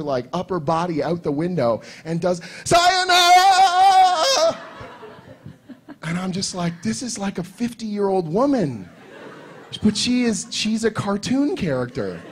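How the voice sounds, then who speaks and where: A man telling a convention anecdote on a panel, excitable and swearing often, acting out voices as he goes. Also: sits high, normal speed, a little hiss or hum. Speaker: comics writer panelist. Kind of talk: animated storytelling on a convention panel.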